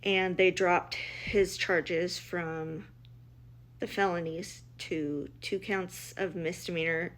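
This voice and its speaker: Taking it slowly in a low, steady voice, a middle-aged mother recounts her family's history. She's emotional and blunt, quotes others by acting out dialogue, and restarts repeatedly.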